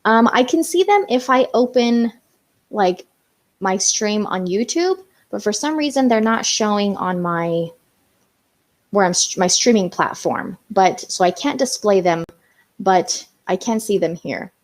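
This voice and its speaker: A woman's voice: mid-range voice, lively intonation, unhurried. A young woman hosting a casual live stream, chatting with viewers and reading out their comments, with lots of "um" and "you know". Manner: chatty, reads out viewer comments, many fillers.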